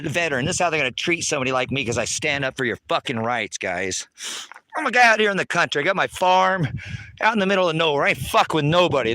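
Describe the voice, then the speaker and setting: A man's voice: fairly high pitch, bright, forceful tone, no echo. A man who hosts an online ministry, ranting and cursing outdoors on his rural property, recorded on a handheld phone camera. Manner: heated, cursing, repetitive. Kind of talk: angry profane outdoor rant to viewers.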